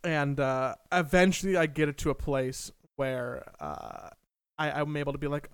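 A young man telling a story in casual chat, animated and self-mocking, swearing freely. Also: a little high, moderate pace, smooth, no echo, clean studio sound.

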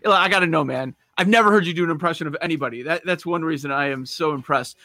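An upbeat male podcast host chatting about sports bets and peppering his guest with questions. His voice is bright and a little high. The sound is dry and close to the mic. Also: rapid-fire, dry recording. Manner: upbeat, laughing, asks many questions. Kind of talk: casual sports betting chat.

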